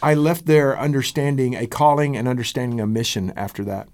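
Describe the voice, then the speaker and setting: A middle-aged American man, a pastor, telling a story in an interview in an earnest, halting way, with fillers and repeated words. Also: mid-range voice, darkish tone. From United States.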